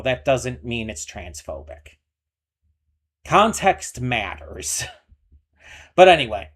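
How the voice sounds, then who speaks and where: A man hosting a reaction video, talking casually and rambling with lots of fillers and restarts. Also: medium pitch. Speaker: reaction channel host.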